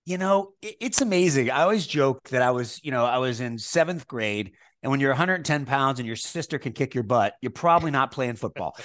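Fast-talking chef telling stories. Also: male voice, medium pitch, dry recording. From Chicago area. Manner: lively storyteller, puts on voices in anecdotes. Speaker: chef, interview guest. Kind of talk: storytelling interview chat.

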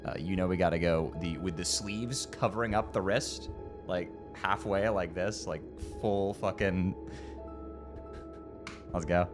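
A man's voice: deep voice, fairly even intonation, measured pace, music in the background. A man giving casual, joking let's play commentary with some swearing. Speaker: game streamer.

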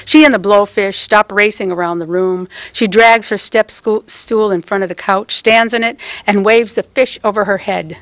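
An older woman reads her own prose poem at a standing microphone, taking her time over each phrase with a tender, measured touch. Her voice sits at an ordinary middle pitch, and the sound is close and dry, with almost no room around it. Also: no echo. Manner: slow, measured, tender delivery. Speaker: poet. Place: public poetry reading.

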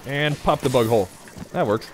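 With slight background noise, a man in a mid-range voice at normal speed gives gameplay commentary as a let's play gamer. He jokes, rambles, talks back to the game, laughs often and strays into side remarks.

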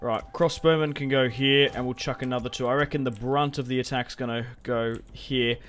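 A man's voice: medium pitch, steady tone, normal speed, fairly bright tone. A young man giving casual, rambling commentary over a strategy game, restarting sentences and swearing freely. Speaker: gaming video host.

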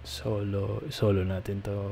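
A deep-voiced man from the Philippines explains his audio edit step by step, speaking softly and thinking aloud as he clicks. His tone is dark and mellow, with a faint hiss of noise under the voice. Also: gravelly. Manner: quiet, relaxed, thinking aloud while working. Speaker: audio editing tutor. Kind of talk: screen-recorded editing tutorial.

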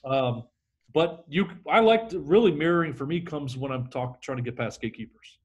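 A man's voice: a little high, lively intonation, normal speed. A middle-aged man, a sales trainer, talking energetically in a podcast interview and acting out phone calls.

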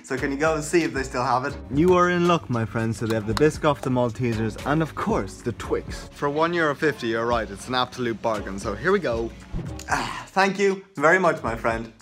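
A young man vlogging casually about food, joking back and forth with himself and breaking into sudden loud outbursts. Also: medium pitch, a little fast, few pauses, soft background music. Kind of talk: casual vlog talk.

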